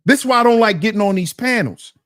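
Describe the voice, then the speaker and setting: A man's voice: sits high, lively intonation, fast talker, a bit bright. A man hosting a reaction stream, indignantly picking apart a debate clip and firing rhetorical questions at his chat. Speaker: commentary channel host.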